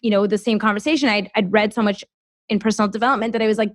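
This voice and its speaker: Woman in her thirties, podcast guest, chatty, lots of "like", mid pitch, dry close mic. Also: racing, dry recording. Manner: chatty, heavy use of "like", animated storytelling. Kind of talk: casual interview chat.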